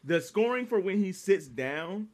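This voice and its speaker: Man, fairly high voice, animated, profane casual chat, acts out lines. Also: unhurried. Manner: animated, acts out quotes, heavy swearing. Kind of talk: casual chat about movies.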